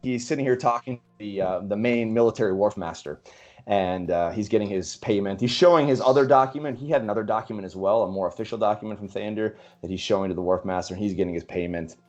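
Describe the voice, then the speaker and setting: A man's voice: on the low side, fast talker, darkish tone, faint music behind. Man narrating a tabletop game. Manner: rambling with many fillers and restarts. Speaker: game master.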